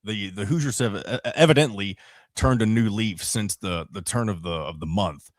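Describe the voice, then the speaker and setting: Deep-voiced man hosting a sports podcast. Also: moderate pace, no room sound, studio quality. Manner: casual, rambling asides with self-corrections. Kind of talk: solo sports podcast rundown.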